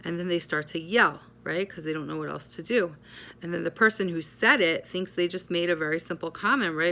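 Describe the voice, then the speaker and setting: A woman psychotherapist giving a measured explanatory talk, often checking in with "right?". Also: on the low side, creaky, bright, forceful tone.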